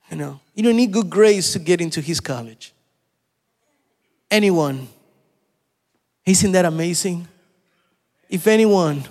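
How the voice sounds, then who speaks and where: A man's voice: high-pitched, animated, a little slow, pauses often, darkish tone, long reverb tail. A man preaching a sermon, repeating his points with emphasis and asking his listeners questions. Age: adult.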